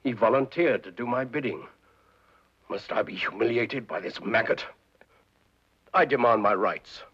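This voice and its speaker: An actor playing a proud, scheming Devil who talks in florid, grandiloquent phrases, in 1940s film style. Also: male voice, mid-range voice, unhurried, a bit bright, breathy edge. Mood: indignant. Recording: muffled 1940s film soundtrack.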